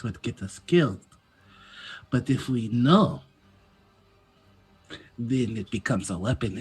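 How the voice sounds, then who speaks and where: A man voicing a formal, courteous adventurer who speaks in measured phrases. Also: medium pitch, pushed and bright, breathy edge, exaggerated voice.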